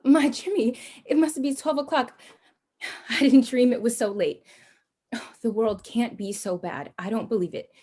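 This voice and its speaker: A woman playing a tender young mother in a stage play, speaking softly and achingly. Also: a little high, normal speed, lightly acted.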